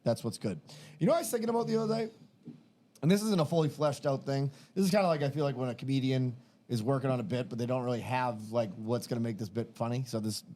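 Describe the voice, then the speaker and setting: A man's voice: mid-range voice, fast, dark tone, slight background noise. A man hosting a podcast in casual chat, talking loosely and rambling with frequent swearing. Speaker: podcast host.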